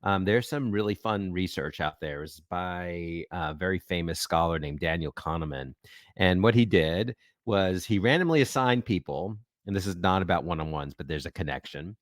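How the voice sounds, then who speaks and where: A man being interviewed as an expert guest on a podcast, explaining in a measured way with frequent ums. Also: sits low, expressive, no echo, clean studio sound.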